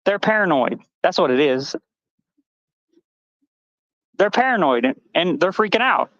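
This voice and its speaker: A woman's voice: fairly low pitch, big pitch swings, unhurried, no echo, muffled recording. A trans woman on a live stream panel, delivering a heated, angry rant full of swearing and accusations.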